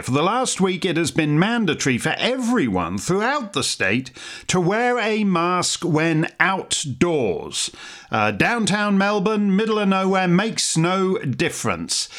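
A man's voice: a little high, big pitch swings, a little slow, a bit bright. Sardonic middle-aged male commentator. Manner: sarcastic, mocking, dry wit. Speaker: commentary show host.

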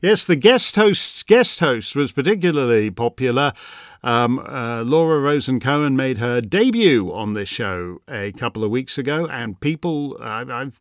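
A man's voice: medium pitch, lively intonation, a little slow, no room sound, clean studio sound. A middle-aged man hosting a show, with a wry, theatrical delivery, reading listener questions and musing with frequent "uh"s. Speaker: host. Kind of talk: podcast monologue and listener questions.

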